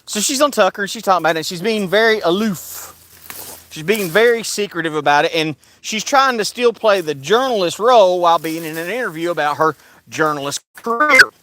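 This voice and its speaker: A man's voice: high-pitched, animated, fairly quick, pushed and bright. A man delivering a casual, heated monologue as an online commentator, sarcastic and keen on repeating a mocking refrain.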